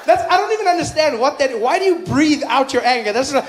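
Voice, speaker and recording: Male stand-up, South African accent, fairly high voice, playful. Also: expressive, fast, background noise. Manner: conversational, playful, acts out voices. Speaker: stand-up comedian. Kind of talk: stand-up routine.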